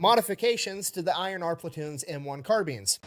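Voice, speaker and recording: A man's voice: high-pitched, lively intonation, brisk, fairly bright tone, faint music behind. A man casually narrating war history for an online video, with sarcastic military jokes and casual swearing. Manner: sarcastic, joking military humor. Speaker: history storyteller.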